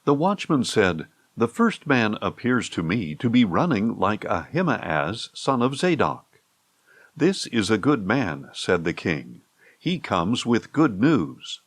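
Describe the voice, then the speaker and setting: A man narrating a scripture audiobook in a slow, measured, expressive reading. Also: on the low side, slightly rough, no room sound.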